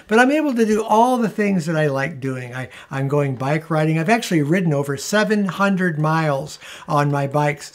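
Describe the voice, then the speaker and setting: A middle-aged man co-hosting a casual chat, talking in an easygoing, rambling way with frequent restarts. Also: on the high side. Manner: rambling, self-correcting, easygoing. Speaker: co-host of a frugal living channel.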